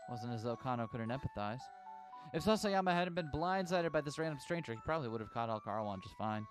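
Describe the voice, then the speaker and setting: A man's voice: mid-range voice, lively intonation, fast, soft background music. A male streamer reading a visual novel aloud, narrating expressively with amused asides.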